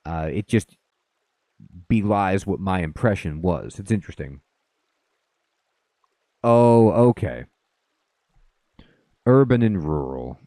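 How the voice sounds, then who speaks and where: Chatty low-voiced man streaming a game. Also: big pitch swings, a little slow, long pauses, a little mellow, no echo, studio quality. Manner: chatty, greets viewers mid-sentence, rambling asides. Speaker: let's play streamer. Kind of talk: casual live game commentary.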